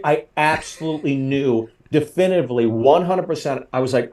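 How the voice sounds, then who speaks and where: A comedian in his forties telling a story in casual chat, getting loud and high when he acts out quotes. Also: expressive, brisk, few pauses. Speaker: comedian guest.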